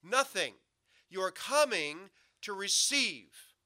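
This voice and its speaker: Male pastor, very bright tone, slightly high; loud emphasis, then low asides. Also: sing-song, slow, dry recording, studio quality. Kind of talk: sermon.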